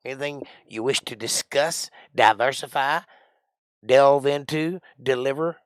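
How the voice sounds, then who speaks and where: Middle-aged Georgia man hosting a livestream, Southern drawl, jokey and rambling, mid pitch, dry close mic. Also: a little slow, smooth, dry recording. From Georgia, USA. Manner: playful, rambling, jokey with sudden loud outbursts. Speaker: livestream host. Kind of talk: casual livestream chat.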